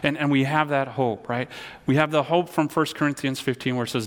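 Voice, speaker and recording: A man's voice: medium pitch, steady tone, a little fast. A man preaching a sermon as pastor, earnest, often repeating words and leading his listeners in call-and-response. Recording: long hall reverb.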